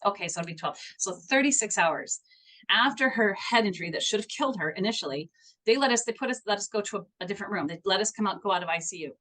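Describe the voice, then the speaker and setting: A woman's voice: medium pitch, pushed and bright. A middle-aged woman guesting on a podcast as a homeopath, telling a story earnestly with lots of restarts.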